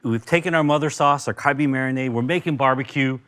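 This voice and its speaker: In his kitchen with a grill, a talkative American from Los Angeles teaches cooking casually, bubbling with enthusiasm and side comments. He talks fast in a medium-pitched, slightly bright voice, and the sound is clean.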